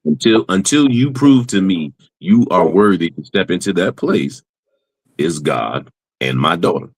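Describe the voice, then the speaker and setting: A man's voice: low voice, animated, a little slow, slightly rough, dry recording, poor audio. A man on a casual talk show, speaking firmly and emphatically in plain terms.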